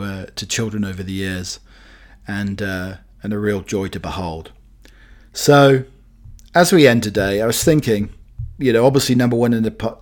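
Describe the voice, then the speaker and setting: A man hosting a podcast alone, chatting in a jokey, meandering way full of fillers. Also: lowish voice. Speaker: podcast host. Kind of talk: rambling solo chat.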